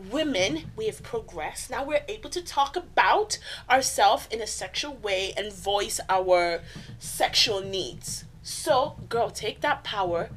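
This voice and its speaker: A woman's voice: mid-range voice, takes it slowly, slight background noise, low-quality recording. A woman, co-hosting a casual podcast and telling stories with lots of laughter. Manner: animated, laughing storyteller. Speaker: podcast co-host.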